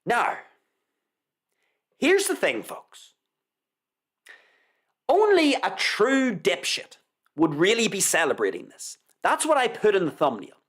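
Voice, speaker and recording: A man's voice: sits high, wildly swooping pitch, slow pace, long pauses, a bit bright. A man hosting a live show, reading a news article aloud with sarcastic, mock-reverent commentary and repeating lines for effect. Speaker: host.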